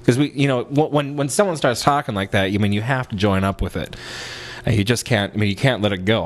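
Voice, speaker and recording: A young man hosts a broadcast and rambles through a comic story, breaking off into self-mocking asides. His voice sits at an ordinary, middling pitch. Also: lively intonation, fast. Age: young adult. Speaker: podcast host.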